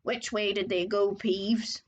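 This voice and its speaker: A woman's voice: mid-range voice, level tone, takes it slowly, husky. A woman voicing a grumpy, impatient old male caretaker who speaks curtly and demandingly in a storybook reading. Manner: curt, demanding. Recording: dull lo-fi recording.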